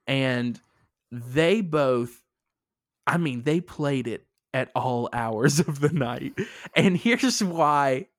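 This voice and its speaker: A young man, co-hosting a casual podcast chat, an animated storyteller who laughs often and acts out quotes. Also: medium pitch, drawn-out words, dry recording, studio quality. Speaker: podcast co-host.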